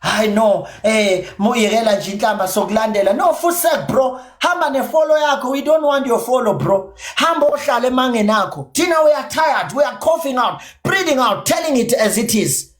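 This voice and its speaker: Animated and a little fast, with hardly any pauses, his extremely high voice drives an angry livestream rant. A native isiZulu speaker from South Africa with a Zulu-inflected accent, he's confrontational and profane on his podcast stream, and the room echoes.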